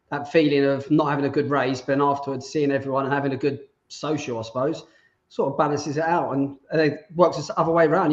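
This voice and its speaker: A man's voice: a little high, highs cut off. A man co-hosting a casual podcast chat, telling stories with enthusiasm. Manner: enthusiastic storyteller. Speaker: podcast co-host.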